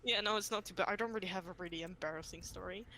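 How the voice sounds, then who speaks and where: A woman's voice: on the low side, rapid-fire, a crowd in the background. A woman co-hosting a casual chat, telling stories and acting out the voices of the people in them. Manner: chatty storyteller, acts out quoted voices. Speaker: co-host.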